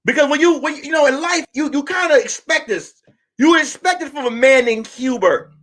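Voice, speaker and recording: A male comedian hosting a live stream, ranting in an animated, profane way with many restarts. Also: very high-pitched, fairly quick. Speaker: comedian host.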